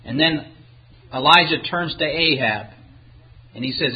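A man's voice: fairly high pitch, unhurried, breathy edge, dull audio. A man preaching a sermon, retelling a scripture story, reading the old-fashioned verses aloud and acting out the characters' lines. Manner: animated, acts out the characters' lines; reads the King James wording aloud.

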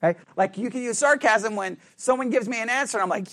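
A middle-aged man teaching a Bible study class, chatty, asking the class questions and acting out sarcastic quotes in a low mumble. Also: a little fast, fairly bright tone, no room sound, clean studio sound.

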